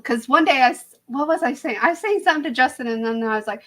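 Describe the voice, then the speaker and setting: A woman's voice: fairly high pitch, a little fast, a bit bright, rough recording. A young woman with a slight Southern accent chatting casually on a live stream, rambling, laughing often and trailing off mid-sentence. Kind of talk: casual chat.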